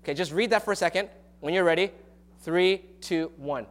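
A man's voice: high-pitched, a little fast. A man preaching a sermon as pastor of his church, earnest and confessional, often restarting his sentences.

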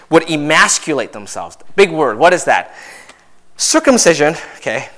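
A young adult man preaching a sermon in a conversational way, with many asides and tag questions, his voice rising and growing louder as he drives a point home. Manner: animated, rises in pitch and volume when stressing a point. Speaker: pastor.

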